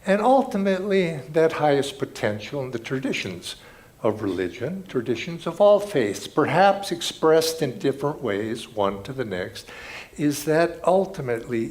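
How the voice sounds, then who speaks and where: A man speaks at a spiritual gathering in an earnest, reflective way, telling stories to make his points. His pitch sits in the middle of the male range, and his delivery rises and falls with lively movement. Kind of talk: inspirational spiritual talk.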